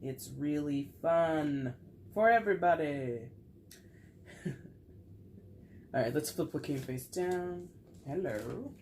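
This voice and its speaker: A woman's voice: low-pitched, slow, pauses often, warm tone, slight background noise. A woman giving a casual tarot reading to camera, chatty and playful with frequent laughter, while getting over a cold. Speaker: tarot reader.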